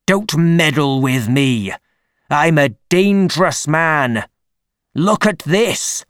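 A man reading an audiobook, voicing a huge, angry, threatening older man who talks loud and slow. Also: on the high side, animated, smooth, no echo, studio quality. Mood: menacing.

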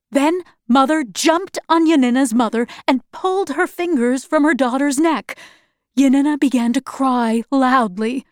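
A woman narrating a story in a measured, even way. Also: high-pitched, dry recording, studio quality.

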